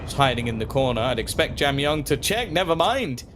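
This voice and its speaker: A man doing play-by-play commentary as an esports caster, quick and playful with joking banter. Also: mid-range voice, big pitch swings, background noise.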